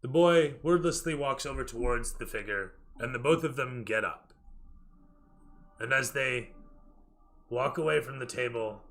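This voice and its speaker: A man's voice: medium pitch, sharp tone. A man narrating a tabletop role-playing game as dungeon master, describing scenes cinematically to his players.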